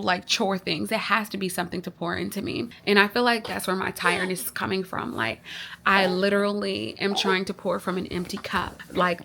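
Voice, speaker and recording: A tired young woman talks straight to her vlog camera, venting and rambling with plenty of fillers, her voice slipping into a gravelly fry. She sounds worn out and close to tears. A faint hiss of noise sits under her voice. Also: mid-range voice, fairly bright tone. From United States. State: tired and teary. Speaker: vlogger, mother. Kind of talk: casual confessional vlog.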